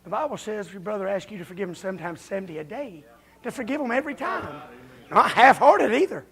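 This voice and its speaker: A man preaching a folksy, confrontational revival sermon as a visiting preacher in a church, building up to shouting. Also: high voice, lively intonation, fast talker. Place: church during a revival service.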